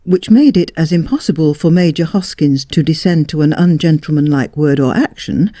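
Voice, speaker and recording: A narrator reading a period story aloud with expressive delivery. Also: mid-range voice, moderate pace, no echo, clean studio sound.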